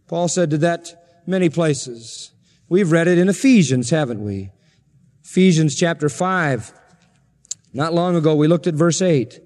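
A male pastor delivers an insistent, emphatic sermon in a high voice. His words ring out with a long reverb through a church sanctuary, captured on a 1970s recording. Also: animated, unhurried, a little mellow. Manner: emphatic, insistent preaching with repeated phrases.

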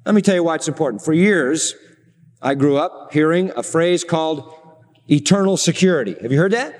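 A middle-aged man preaching a sermon, slowing down for emphasis and asking the congregation rhetorical questions. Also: a little high, animated, darkish tone, long reverb tail.

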